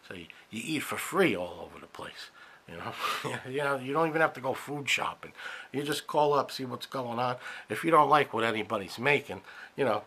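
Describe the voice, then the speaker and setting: A man's voice: mid-range voice, lively intonation, a little fast, sharp tone, slightly rough. A middle-aged man, rambling through a casual podcast monologue full of fillers and asides. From New York area. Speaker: podcast host.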